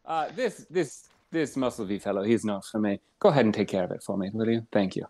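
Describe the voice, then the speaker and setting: A man's voice: on the low side, fairly quick, dark tone, no echo. A man voicing a snooty wealthy woman who orders her assassins around, in an improvised comedy bit, haughty and dismissive. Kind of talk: improvised comedy role-play.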